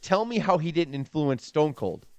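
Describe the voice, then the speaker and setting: A man co-hosting a casual podcast chat, talking in an animated, profane way. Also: on the high side, normal speed, smooth, dry recording. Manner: animated and profane, acts out quotes. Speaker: podcast co-host.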